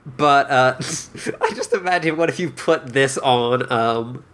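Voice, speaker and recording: A man's voice: medium pitch, slow, a bit bright. A man co-hosting a casual chat, giggly and hesitant, with many fillers. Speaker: podcast co-host. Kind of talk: casual chat recapping a TV episode.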